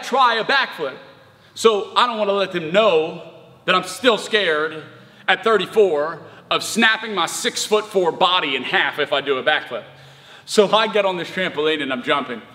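Brief: pastor in his thirties, animated storyteller, forceful tone with long reverb. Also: sits high. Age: 30s. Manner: animated storytelling, conversational with emphatic surges. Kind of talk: sermon.

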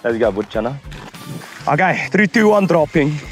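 Excitable man riding and narrating. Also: on the high side, moderate pace, soft background music. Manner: excitable running commentary. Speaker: mountain bike video host. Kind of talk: casual banter while riding. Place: outdoor trails.

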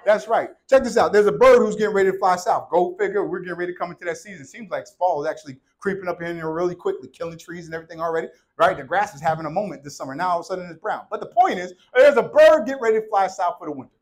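Male pastor, high voice, casual joking sermon delivery in a church. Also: rapid-fire, hardly any pauses, a little mellow. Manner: playful, conversational preaching with call-and-response. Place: church sanctuary. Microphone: handheld or worn microphone.

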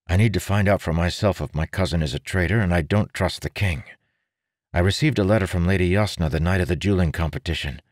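A man's voice: deep voice, a little mellow, no room sound, clean studio sound, voice pushed up, lightly acted. A man voicing Arador, a firm young nobleman. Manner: firm, earnest, persuasive. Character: young nobleman, confident and determined.

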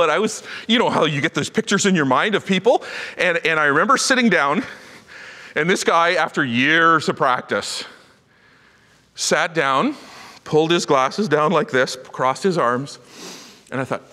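Middle-aged pastor, high bright voice, animated storyteller, long hall echo. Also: male voice, moderate pace. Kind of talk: sermon. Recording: reverberant church hall.

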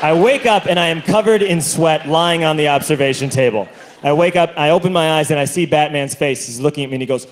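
A man doing a stand-up comedy set, telling stories in an animated way and acting out other people's voices, recorded live on stage. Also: on the high side, fairly quick. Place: comedy stage with a laughing audience. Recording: live show with audible audience noise.

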